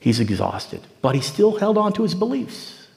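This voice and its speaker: A man's voice: high voice, sing-song, moderate pace, creaky, darkish tone, long reverb tail. A man preaching a sermon, telling a story and acting out its people in dialogue. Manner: storytelling preacher who acts out the figures in dialogue. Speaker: pastor.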